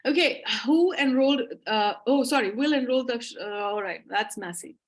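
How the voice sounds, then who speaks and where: A woman's voice: on the high side, lively intonation, moderate pace. A woman English teacher answering audience questions in a live webinar, talking with eager enthusiasm. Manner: enthusiastic, explanatory.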